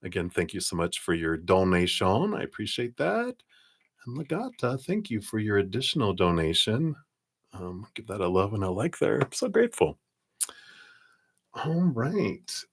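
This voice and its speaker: Deep-voiced chatty male tarot reader. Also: wildly swooping pitch, normal speed, husky, no echo, clean studio sound. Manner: chatty, laughs often, lots of fillers. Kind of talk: live-streamed tarot reading.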